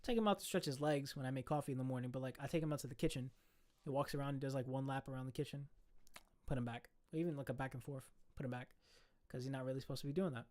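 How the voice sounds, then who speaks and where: A young man casually telling a story, animated and profane, full of slang. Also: mid-range voice, very fast.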